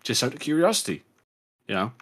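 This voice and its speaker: A man's voice: mid-range voice, very animated, brisk, a bit bright, breathy edge. A man co-hosting a podcast in casual chat, rambling and swearing, with many restarts. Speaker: podcast co-host.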